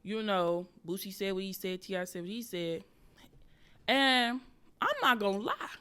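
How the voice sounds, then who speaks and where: Animated, foul-mouthed woman podcast host. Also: a little slow, smooth. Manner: profane, animated, switches between loud bursts and low muttering. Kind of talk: casual storytelling monologue.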